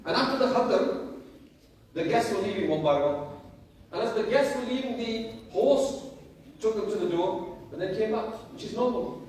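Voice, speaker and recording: A man with a very high voice tells a moral story as a sermon, asking question after question and repeating key lines. He is heard from a distance in a strongly echoing room. A faint noise runs underneath. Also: animated, normal speed, pauses often, darkish tone. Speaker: preacher.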